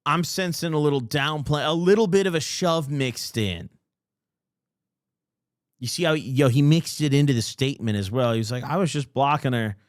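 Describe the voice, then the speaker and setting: A man's voice: a little high, normal speed, dry recording, studio quality. A male podcast host giving casual, sarcastic commentary with lots of wisecracks. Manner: sarcastic, wisecracking, says dude a lot.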